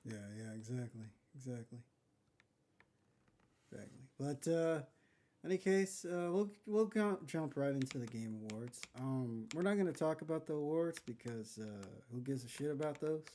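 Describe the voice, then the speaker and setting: Halting, mellow-voiced man hosting a podcast. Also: mid-range voice, animated. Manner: halting, many fillers and restarts. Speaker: podcast host. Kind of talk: casual podcast chat.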